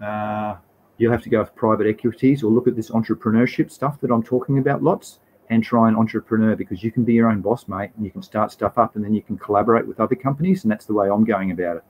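A man's voice: on the low side, fast, highs cut off. A man with an Australian accent hosting a live stream and answering chat questions in a laid-back, rambling way, with slang and the odd swear word. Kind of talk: casual live Q&A.

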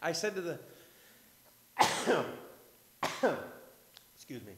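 A male pastor preaching a sermon in a church over a microphone. He rambles with self-mocking humor, and his loudness swings from hushed asides to loud bursts. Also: a little high, very animated, extremely slow.

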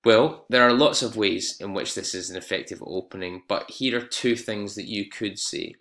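A man's voice: fairly low pitch, moderate pace, vocal fry, fairly bright tone. A man teaching an exam-prep English lesson, explaining step by step with fillers and self-corrections.

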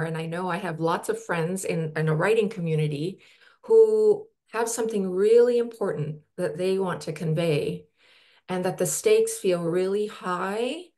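A woman host asking thoughtful questions, often pausing to search for words. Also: fairly low pitch, a little mellow. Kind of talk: interview questions.

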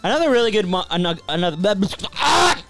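A man's voice: on the high side, very animated, fairly quick, fairly bright tone, soft background music. A man co-hosting a casual let's-play, rambling with fillers and goofy jokes. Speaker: co-host.

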